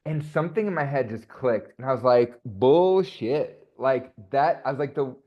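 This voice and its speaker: A man talking casually as an interview guest, animated and chatty with quick asides. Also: medium pitch, highs cut off. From United States.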